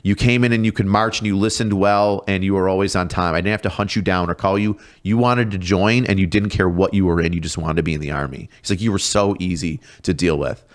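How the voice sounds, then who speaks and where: Podcast guest, male, 30s, lower voice, swearing storyteller who acts out the people in his stories. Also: fairly even intonation, fast talker, hardly any pauses. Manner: profane, laughing storyteller, acts out quoted voices. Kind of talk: casual storytelling chat.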